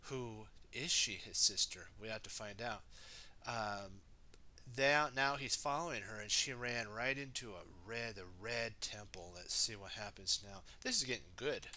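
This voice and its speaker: Bright-voiced man reading a kids' storybook. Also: fairly low pitch, moderate pace. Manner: chatty, talks to viewers, asks for comments. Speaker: storybook reader. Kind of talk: reading a children's storybook aloud.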